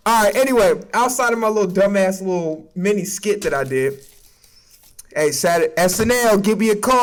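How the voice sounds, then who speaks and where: A young man hosting a comedic sports recap on his stream. His voice sits very high for a man. He talks loud and profane, joking around and jumping abruptly up and down in pitch. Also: a little fast, slight background noise. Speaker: streamer and sports show host.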